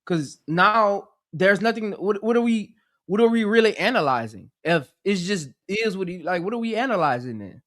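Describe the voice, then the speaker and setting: A man co-hosting a live sports reaction stream, chatting in an animated, slangy way and laughing along. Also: high-pitched, moderate pace. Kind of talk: casual sports debate.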